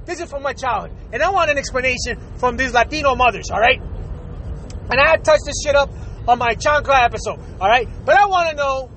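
A man from the United States hosting a podcast, delivering a profane, animated comedic rant and laughing often. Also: very high voice, fairly quick, slight background noise, rough recording. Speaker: podcast host.

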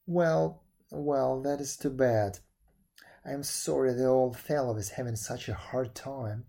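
A man voicing a calm, kindly man who forgives easily and laughs heartily, in a storybook reading. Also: mid-range voice, slow pace, creaky. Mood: forgiving.

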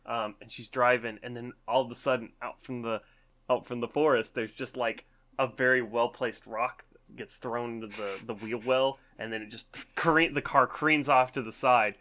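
A man co-hosting a podcast in loose, animated chat, laughing often and swearing freely. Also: medium pitch, moderate pace. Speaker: podcast co-host.

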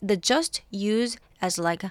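A woman's voice: mid-range voice, dry recording. Give me a Korean woman teaching English, reading carefully in a dry, close recording. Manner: reads English text slowly and clearly, explains in Korean. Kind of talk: language lesson explaining and reading aloud.

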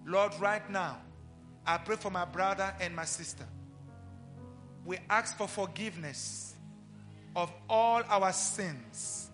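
A man's voice: high-pitched, takes it slowly, pauses often, fairly bright tone, faint music behind. A man leading an earnest, pleading congregational prayer at a live church service. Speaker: prayer leader.

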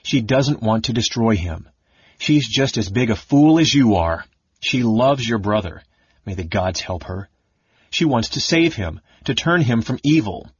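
A fierce young woman speaks grimly and bosses others around, as a man voices her. The voice is lifted above his own and slightly husky. The recording sounds dry and somewhat muffled. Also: medium pitch, expressive, a little slow, dry recording. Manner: grim, commanding, exasperated.

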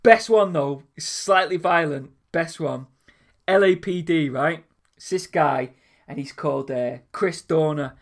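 A man telling anecdotes in a casual chat, animated and acting out the voices of people in his stories. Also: fairly high pitch, unhurried.

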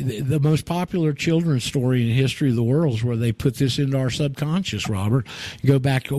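A man's voice: medium pitch, a little mellow, no room sound. A man hosting a call-in radio show, telling a story in a rambling way with many fillers and restarts. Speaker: radio host.

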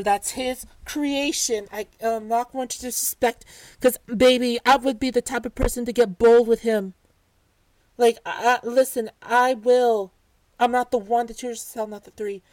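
Animated woman ranting in a dry room. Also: on the high side, no room sound. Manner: animated, swearing, restarts and asides. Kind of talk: casual storytime rant.

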